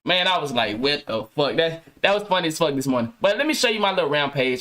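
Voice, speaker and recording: A man's voice: on the high side, animated, fast talker, fairly bright tone. A man hosting his own podcast, ranting casually to viewers with loose slang, heavy cursing and frequent restarts. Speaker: podcast host.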